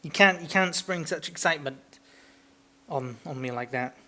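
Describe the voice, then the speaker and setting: A man's voice: fairly high pitch, normal speed, pushed and bright. A young man with a British accent chats on an amateur podcast. He rambles, swears and rants about everyday annoyances, slipping into silly impressions along the way. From Britain. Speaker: podcast co-host. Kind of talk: casual chat.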